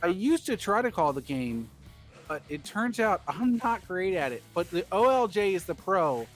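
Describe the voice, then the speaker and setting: A man's voice: high-pitched, moderate pace, faint music behind. A man co-hosting a game stream, telling a rambling, laughing story and acting out the quotes. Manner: laughing, animated, acts out quotes.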